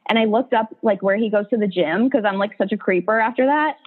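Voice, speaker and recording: A woman's voice: mid-range voice, fast talker. A young woman hosting a podcast, telling stories in casual chat and leaning heavily on "like". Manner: chatty storyteller, heavy "like" filler. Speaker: podcast host. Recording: tinny phone-like line.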